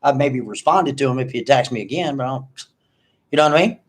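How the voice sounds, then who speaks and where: A middle-aged man ranting in a commentary vlog, animated and mocking. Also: mid-range voice, quick pace. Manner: animated, mocking, mimics others in exaggerated voices. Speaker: online video commentator.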